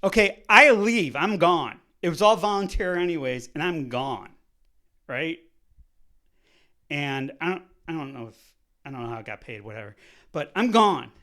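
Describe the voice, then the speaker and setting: A man vlogging, telling a personal story in a casual, animated way, swearing often and swinging between loud outbursts and soft asides. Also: fairly high pitch, normal speed, long pauses.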